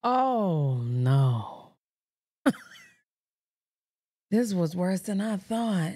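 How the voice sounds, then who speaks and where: Slow-talking woman giving blunt reaction commentary. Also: on the low side, sing-song, dark tone. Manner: blunt, profane, laughing asides. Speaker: reaction channel host.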